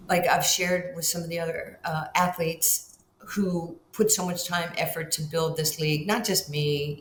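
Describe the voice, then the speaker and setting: This older woman, a Hall of Fame basketball player from Far Rockaway in Queens, New York, guests on a podcast and spins stories in a fairly low voice. When she quotes people she performs their lines with wide swings in pitch, all in an echoey room with a faint hiss underneath.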